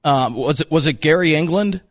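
Male host, casual, halting, slightly high voice. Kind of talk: casual talk show chat.

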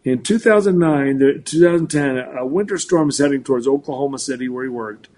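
Older male weather forecaster in his sixties, animated, restarting sentences, faint background noise. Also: mid-range voice, brisk. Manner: animated, full of restarts and repeats. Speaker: meteorologist guest. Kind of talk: casual talk show chat.

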